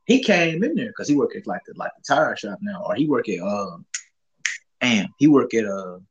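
A young man with a Southern US accent spins a story in casual barbershop talk, his husky voice swinging widely up and down. He uses loose profane slang and acts out what other people said. The pitch sits mid-range for a man. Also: moderate pace, highs cut off. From Southern United States. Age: young adult. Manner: animated storytelling, profane slang, acts out quotes, laughs often. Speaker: co-host.

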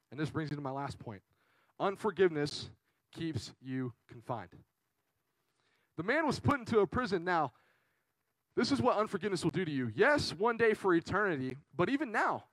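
A man's voice: fairly high pitch, dry recording, rough recording. A young man preaching a sermon in an earnest, emotional, conversational way, with frequent fillers. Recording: dry sound with faint guitar behind. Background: faint guitar music.

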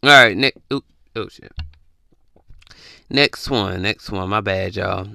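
A man's voice: fairly low pitch, slow pace, gravelly, pushed and bright, dry recording. A man hosting a casual comedic podcast rant, talking close to the mic and acting out confused texters in jumpy voices. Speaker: podcast host.

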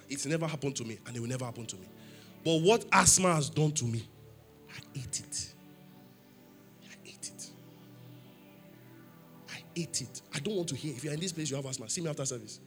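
A man's voice: fairly high pitch, lively intonation, fast, fairly bright tone, faint music behind. A man preaching a sermon in church, emphatic, asking the congregation questions for them to answer. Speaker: pastor.

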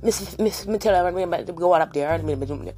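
A woman imitating a patois speaker in a choppy, repetitive, loud delivery. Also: lowish voice, fast talker, faint music behind, voice pushed up, lightly acted. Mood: animated. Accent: imitated Jamaican patois.

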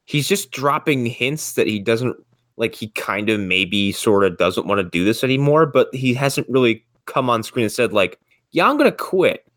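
A man's voice: medium pitch, animated, moderate pace, fairly bright tone, no room sound. A man co-hosting a podcast, chatting casually about TV episodes and rambling with lots of hedging fillers. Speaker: podcast co-host. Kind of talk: casual chat reviewing TV episodes.

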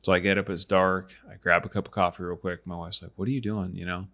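Low-voiced man telling a hunting story. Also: fast talker. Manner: animated storyteller, acts out quotes. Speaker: podcast host and hunter. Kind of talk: casual storytelling chat.

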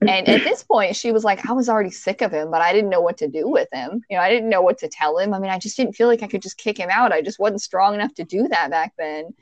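An animated woman in a casual podcast chat, telling a story with swearing and shouted quoted lines. The sound is dry, with no room around it, and a little dull and lo-fi. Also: medium pitch, quick pace, few pauses, no room sound.

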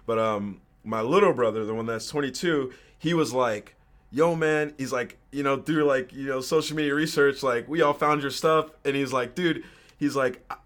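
A man's voice: mid-range voice, moderate pace, a bit bright. A man in his twenties, a podcast guest, casually telling a personal story with slang and swearing. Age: 20s.

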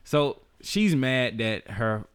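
Animated man spinning a story. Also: mid-range voice, slow pace, clear, resonant tone, no room sound. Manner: animated storyteller, laughs often, profane slang. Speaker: podcast host telling a story. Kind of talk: casual storytelling chat.

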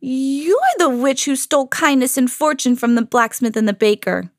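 A woman voicing a poor, gentle young female mouse who speaks in a bright, earnest way. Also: high-pitched, very animated, moderate pace, voice pushed up, heavily acted. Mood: accusing.

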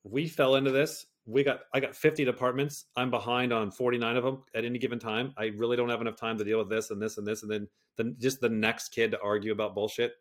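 A middle-aged man talking candidly as an interview guest, swearing freely, rambling and restarting, sometimes rising into animated rants. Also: mid-range voice, fast, hardly any pauses. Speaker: guest, personality system creator.

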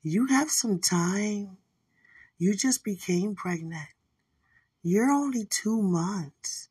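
A woman doing a gentle young female angel, her voice lifted higher and fuller than her own. She speaks calmly and peacefully, slightly husky, a little away from the mic in a dry room. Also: slow, no echo, recorded from a distance, heavily acted. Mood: gentle reassuring. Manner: soft, calm and peaceful.

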